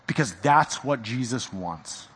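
A male pastor preaching a sermon in a church, swinging from loud exhortation to hushed intensity. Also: medium pitch, lively intonation, unhurried, breathy edge, long reverb tail.

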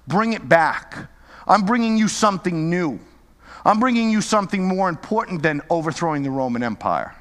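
A Bible teacher with a high-pitched voice gives a lively, conversational sermon, often checking in with his listeners. A long hall reverb trails his words, suggesting a large space.

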